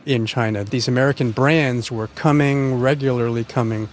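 A man hosting a public radio interview, asking questions in a measured, conversational way. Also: medium pitch, fairly even intonation, slight background noise. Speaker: radio host.

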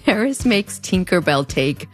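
A woman's voice: on the low side, big pitch swings, unhurried, over music. A woman in her thirties with a US–Mexico border accent, narrating a scripted video essay in a wry, playful, conversational way. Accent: US–Mexico border (fronterizo). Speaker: host.

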